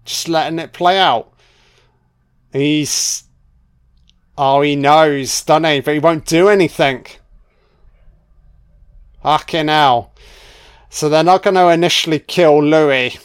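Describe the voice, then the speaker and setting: A young British man reacting to a film as it plays, swearing constantly and calling out what happens on screen. His voice sits a little high for a man and comes through smooth and clear. He talks at an unhurried, drawn-out pace. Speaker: film commentator. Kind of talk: live film reaction commentary.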